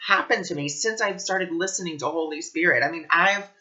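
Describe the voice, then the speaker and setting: Bright, dull-recorded man talking earnestly about spirit, animated storyteller. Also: fairly high pitch, fairly quick. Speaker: spiritual teacher. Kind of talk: casual spiritual talk to camera.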